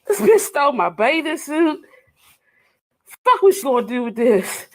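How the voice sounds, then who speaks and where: A woman's voice: high voice, very animated, measured pace. A woman recording a live phone video, furious and swearing constantly in an exasperated rant.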